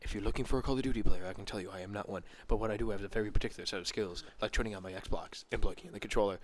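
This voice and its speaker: A man putting on a grim, mock-threatening action-movie tough guy, low and deadpan. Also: racing, slight background noise, lightly acted. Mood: mock menace.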